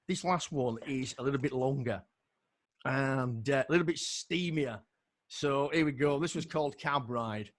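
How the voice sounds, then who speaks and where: A middle-aged Yorkshire man reads his poetry in a measured, rhythmic way and chats casually between pieces. His voice sits at an ordinary pitch for a man. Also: dry recording. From northern England. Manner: rhythmic recitation, chatty asides. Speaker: poet. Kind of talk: poetry reading on a video call.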